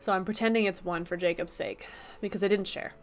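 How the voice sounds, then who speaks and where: A young woman chats casually to her stream from an apartment desk, teasing and joking at her own expense. Her voice sits at an ordinary middle pitch, with faint music playing underneath. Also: fairly even intonation, a little fast. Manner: chatty, playful, self-mocking. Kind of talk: casual live-stream chat.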